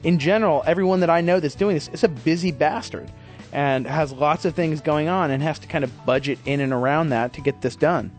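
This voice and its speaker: A man's voice: fairly high pitch, brisk, soft background music. A man hosting his podcast in a rambling, self-deprecating casual monologue, swearing freely. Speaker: podcast host.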